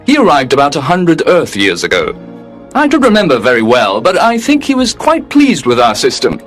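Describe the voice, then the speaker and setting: A man's voice: on the high side, wildly swooping pitch, moderate pace, fairly bright tone, faint music behind. A man playing a polite, unbending receptionist at heaven's gate, speaking formally and with detachment. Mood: calm.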